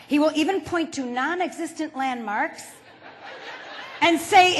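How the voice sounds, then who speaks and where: Woman keynote speaker, high unhurried delivery, comic storytelling, echo of a big hall. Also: expressive. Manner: playful storytelling, acts out quotes. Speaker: motivational speaker. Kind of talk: humorous keynote talk. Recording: reverberant hall.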